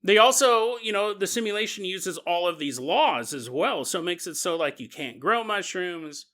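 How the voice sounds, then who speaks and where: A man hosting a podcast, talking through a conspiracy theory in an animated, jokey way and acting out quoted voices. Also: high-pitched, normal speed. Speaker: podcast host. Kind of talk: comedic conspiracy podcast monologue.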